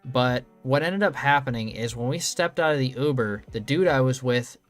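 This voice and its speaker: A man's voice: medium pitch, moderate pace, faint music behind. A young adult man streaming, telling loose, rambling stories with lots of ums and casual swearing.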